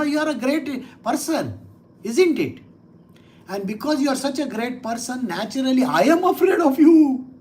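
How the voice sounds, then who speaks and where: A man's voice: very high voice, darkish tone. A man voicing a divine boar god who sarcastically pretends to be afraid of a demon, pleading in a whiny, mocking tone.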